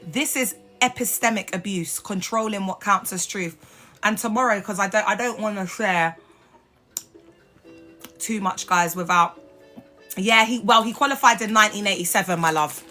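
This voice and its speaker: A woman speaks straight into her phone on a live stream, blunt and sassy, cursing as she goes. Her voice is bright and tense, with a little music playing faintly behind her. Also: medium pitch, moderate pace. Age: adult mother. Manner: blunt, sassy, swears freely. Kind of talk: casual live stream talk.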